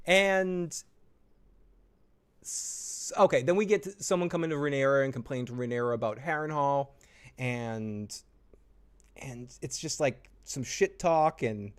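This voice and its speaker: A man's voice: medium pitch, animated, a little slow, smooth. A man hosting a casual TV episode recap, swearing freely, laughing and mocking characters with impressions. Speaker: host.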